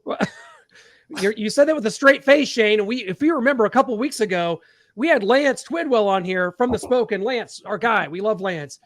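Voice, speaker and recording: Male podcast host, very high voice, animated emphatic banter, dry close sound. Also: moderate pace, no echo. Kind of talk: casual sports chat.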